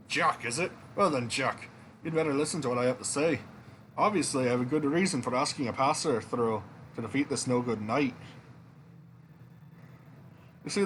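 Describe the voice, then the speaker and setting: A man's voice: medium pitch, a bit bright, a little hiss or hum, natural voice. A man voicing a blustering old king and worried father in a put-on Scottish accent, with a theatrical, old-fashioned manner.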